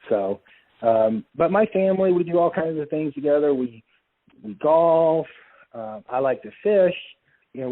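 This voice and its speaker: Middle-aged guy, laid-back storyteller, sounds like a phone call. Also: medium pitch. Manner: warm, chatty storyteller with laughs. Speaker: guest, company president. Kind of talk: casual interview chat. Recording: tinny phone-like line.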